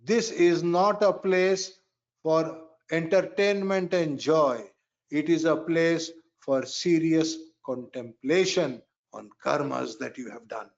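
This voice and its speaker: Speaking with vocal fry in a fairly high pitch, a man teaches Vedic astrology in a spiritual lecture captured on dull audio. He goes slowly and forcefully, circling back to key phrases and chanting mantras.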